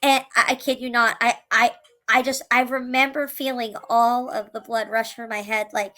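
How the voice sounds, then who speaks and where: Woman, single mother, personal storytelling, earnest, halting restarts, higher pitch, bright tone. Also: little pitch movement, rough recording. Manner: earnest and emotional, tumbling restarts and repeated words. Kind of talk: candid personal storytelling to camera.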